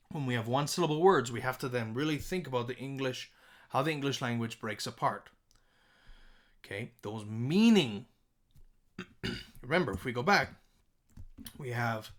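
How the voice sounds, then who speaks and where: Animated male music teacher. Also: medium pitch. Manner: animated, emphatic speaking of example lines; restarts and self-corrections while explaining. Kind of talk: songwriting lesson.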